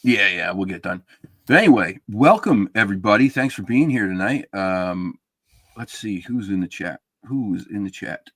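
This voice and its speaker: Deep-voiced guy with a gravelly edge, hosting a chatty live show, dry sound. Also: lively intonation, moderate pace, a bit bright, no echo. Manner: rambling, chatty, many fillers. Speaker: podcast host. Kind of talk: casual live-stream chat.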